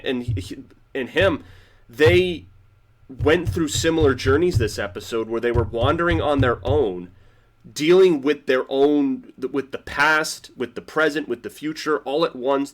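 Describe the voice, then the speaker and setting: Speaking in a mid-range voice, a male TV reviewer rambles through an offhand reaction to an episode. He keeps saying "like," restarts his sentences, and moves back and forth between quiet and excited.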